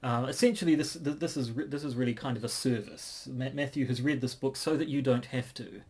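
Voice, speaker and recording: A man co-hosting a casual podcast, measured and hesitant, often restarting his sentences. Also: mid-range voice, a little mellow, husky. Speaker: podcast co-host.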